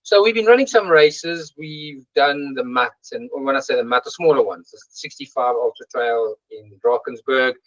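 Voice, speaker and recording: A man speaks as an interview guest, chatty and anecdotal, restarting his sentences as he goes. The sound is dry and somewhat dull, like a lo-fi video call. His pitch sits in an ordinary middle range. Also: normal speed, hardly any pauses, a bit bright, no room sound. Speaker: interview guest, trail runner. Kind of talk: casual conversation.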